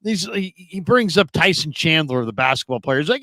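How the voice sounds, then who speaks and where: A middle-aged man hosting a sports call-in show, telling lively stories with acted-out quotes. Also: a little high, fairly quick, no room sound. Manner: animated storyteller, acts out quoted voices. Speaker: sports talk show host.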